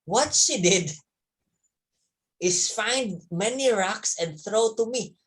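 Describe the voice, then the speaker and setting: A man's voice: high voice, expressive, takes it slowly, fairly bright tone. A man, a teacher telling young students a story from his childhood, repeating words and chuckling as he goes. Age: 30s.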